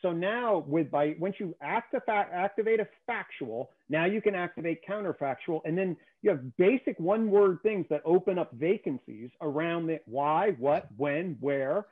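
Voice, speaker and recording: Brief: male guest, slightly high voice, emphatic explainer, thin telephone-like sound. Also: moderate pace, hardly any pauses. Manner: emphatic, keeps checking in with "okay?". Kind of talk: conversational lecture on theory. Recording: tinny phone-like call audio.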